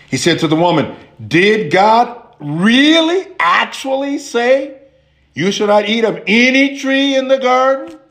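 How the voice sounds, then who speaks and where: Male preacher, high and lively voice, in a roomy hall. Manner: animated, conversational, addresses listeners directly. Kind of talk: lively sermon.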